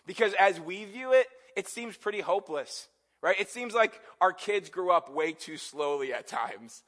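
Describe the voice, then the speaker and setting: A man's voice: high-pitched, animated, moderate pace, fairly bright tone. Conversational man preaching a sermon. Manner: conversational, asks the congregation questions. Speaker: pastor.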